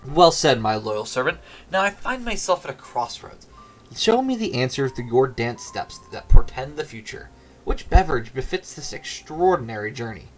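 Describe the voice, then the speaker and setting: A man's voice: medium pitch, very animated, normal speed, soft background music, natural voice, poor audio. A man reading a pompous noble lord in a game aloud, in a haughty, grandiose manner.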